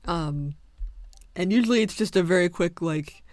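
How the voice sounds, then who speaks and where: A man with a fairly high voice, chatting casually during a late-night stream. He rambles through an anecdote and breaks into laughter often. The sound is close and dry. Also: normal speed, no room sound. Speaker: livestreamer. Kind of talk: casual chat while drawing.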